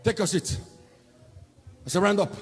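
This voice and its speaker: A man with a Nigerian English accent preaching a sermon as pastor, shouting and chanting phrases with fervour in a large church auditorium. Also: high-pitched, measured pace. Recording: echoey hall with music behind.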